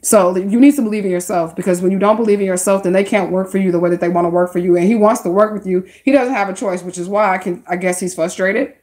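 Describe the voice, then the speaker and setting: A woman's voice: mid-range voice, steady tone, quick pace, hardly any pauses, darkish tone. A woman giving casual tarot readings on a live stream, speaking straight to her viewers in a chatty, slangy way. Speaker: livestream tarot card reader.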